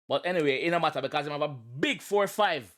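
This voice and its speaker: A man with a Jamaican accent giving casual, animated reaction commentary, exclaiming and explaining lyrics. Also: on the high side, fast talker. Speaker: reaction video host.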